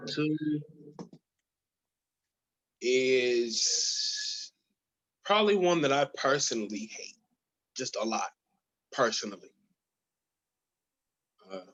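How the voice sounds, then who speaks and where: A man co-hosting a podcast in casual chat, speaking deliberately and repeating his points for emphasis. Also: mid-range voice, very animated, fairly bright tone, low-quality recording. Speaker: podcast co-host. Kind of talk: casual chat about movies.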